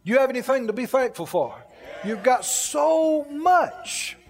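Male preacher, high voice, animated sermon delivery with comic mimicry, long reverb. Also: measured pace. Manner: animated, mimics grumbling people.

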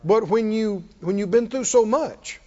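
A man's voice: sits high, measured pace, warm tone. Male preacher, call-and-response sermon, long reverb of a hall. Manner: call-and-response preaching, rising and falling in volume. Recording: dull sound in a large reverberant hall.

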